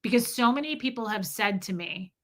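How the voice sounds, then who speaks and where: A woman's voice: on the high side, animated, brisk. A woman hosting a livestream and telling a candid, rambling personal story to her chat. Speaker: livestream host. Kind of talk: casual storytelling to live chat.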